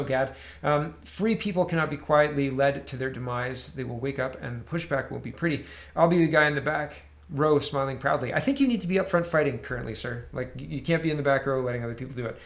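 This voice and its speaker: A Canadian man hosting political commentary, talking casually and sarcastically while reacting to clips. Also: medium pitch. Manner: sarcastic, mocking voices.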